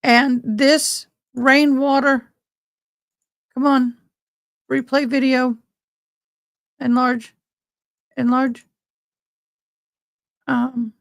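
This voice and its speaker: A woman's voice: sits high, level tone, drawn-out words, vocal fry, pauses often, dry recording. A woman hosting a live stream, shaken and tearful as she talks to her viewers. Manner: shaken and tearful, keeps addressing viewers as y'all. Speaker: livestream host. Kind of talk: emotional live commentary.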